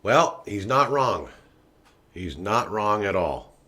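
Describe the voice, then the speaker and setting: A man with a somewhat low voice hosts a political commentary podcast. He rants and swears freely, dropping to a mutter and then shouting again. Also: sing-song, takes it slowly. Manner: profane, swinging from muttering to shouting. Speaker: podcast host.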